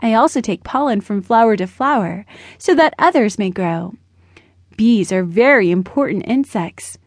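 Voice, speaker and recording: A woman's voice: medium pitch, expressive, normal speed, no echo, studio quality. A woman voicing a busy, proud male bumblebee in a children's storybook. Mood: boastful. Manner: matter-of-fact, slightly grumbling.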